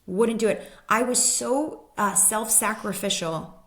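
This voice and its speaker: A woman's voice: a little high, unhurried. A woman guest, a human design expert, telling a personal story in casual conversation and acting out the people she quotes.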